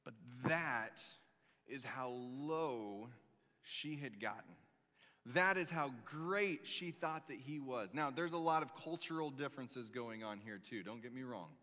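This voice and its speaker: A man in his thirties preaching a sermon, telling stories with lively, dramatic pauses. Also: mid-range voice. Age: 30s. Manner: animated storytelling, reads scripture aloud with dramatic pauses. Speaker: pastor. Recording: long reverb of a large hall.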